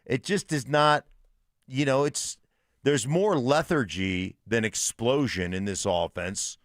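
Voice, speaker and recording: A man co-hosting morning sports talk radio, making his points in a measured, reasoning way. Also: mid-range voice, dry recording, studio quality. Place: radio studio.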